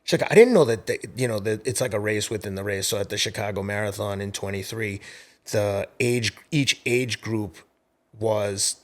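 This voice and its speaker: A middle-aged man in his fifties, a podcast guest telling race stories in a casual, animated way. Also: on the low side, normal speed. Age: 50s. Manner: animated storyteller, acts out quoted voices. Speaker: podcast guest, marathon runner. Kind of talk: casual storytelling interview.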